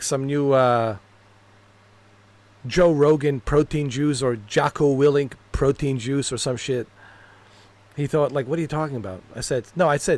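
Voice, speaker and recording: A man's voice: mid-range voice, a little mellow. A man streaming games, telling rambling stories in casual chat, laughing at his own jokes and cursing freely. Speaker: gaming streamer.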